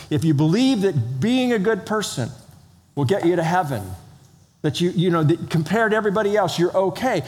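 A man preaching a sermon as pastor, animated, acting out the voices of the people in his story. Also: sits high, long reverb tail. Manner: animated, acts out voices of biblical figures.

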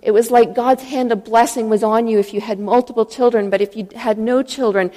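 A woman preaches a sermon in a church, her voice a little high and mellow. She speaks earnestly and tells stories, and long reverb from the hall trails behind her words. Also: steady tone, a little fast. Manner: earnest, storytelling, acts out quoted voices.

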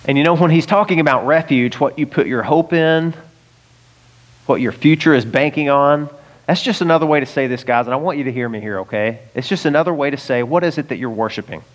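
A man's voice: mid-range voice, fairly quick. A man from the United States preaching a sermon in a conversational way, with chuckles and direct asides to the listeners. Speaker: pastor.

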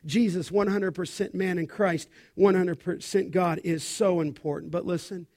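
A man's voice: sits high, steady tone, normal speed, darkish tone. A middle-aged male pastor preaching an expository sermon, stressing key words and asking the congregation questions.

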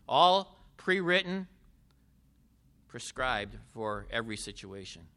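Male pastor, measured sermon delivery, crisp bright voice. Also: a little high. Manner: slow, deliberate preaching with emphatic rises and falls. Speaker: preacher.

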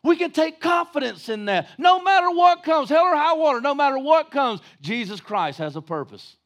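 A male pastor preaching a sermon in a folksy, joking way, rising to shouts for emphasis. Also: extremely high pitch, sing-song, moderate pace.

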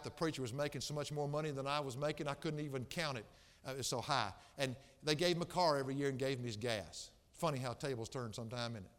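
A man preaching a sermon as pastor, swinging from soft, low passages to loud, impassioned outbursts. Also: long reverb tail.

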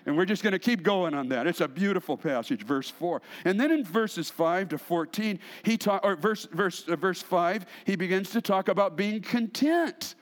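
A man preaching a sermon as pastor, expressive, swinging between emphatic lines and hushed asides. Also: high-pitched, moderate pace, hardly any pauses.

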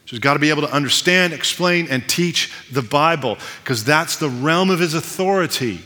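A man's voice: a little high, animated, normal speed, bright, forceful tone, in a large hall. A man preaching a sermon as pastor, conversational with self-deprecating asides.

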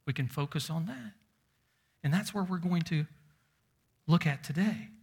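A man's voice: fairly high pitch, a bit bright, husky. A man preaching a sermon as pastor, emphatic and stressing single words, reading scripture aloud with rising force.

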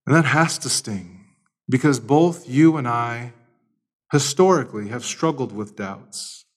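A man's voice: medium pitch, unhurried. A man preaching a sermon, explaining scripture and telling stories with acted-out voices. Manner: storytelling, acts out voices in anecdotes. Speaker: pastor.

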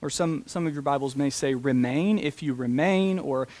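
A man preaching a sermon, talking deliberately and slowing down to stress key phrases. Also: mid-range voice, darkish tone. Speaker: pastor.

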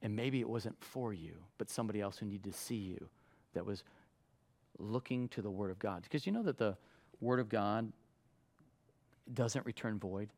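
A man preaching a sermon in a conversational way, acting out quotes with lively voices. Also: on the low side, moderate pace, pauses often. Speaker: pastor.

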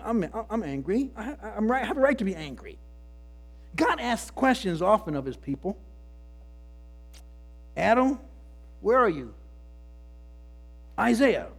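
A man's voice: high voice, a little mellow, husky. A man preaching a sermon in an earnest way, often repeating words as he builds his points. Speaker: pastor.

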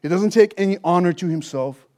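Emphatic high-voiced male preacher. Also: a little fast, warm tone. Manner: emphatic, teaching with rhetorical questions. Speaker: pastor. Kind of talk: expository sermon.

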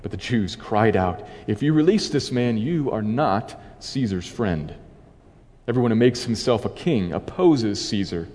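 A man preacher reading a scripture passage aloud and then explaining it as a sermon, in a measured, dramatic voice. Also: fairly low pitch, lively intonation, darkish tone, in a large hall.

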